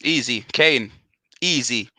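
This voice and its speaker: A man's voice: mid-range voice, slow pace, sharp tone, dry recording. A man with a London accent talking football in a brash, slangy, boastful way. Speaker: football fan panelist. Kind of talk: heated football debate.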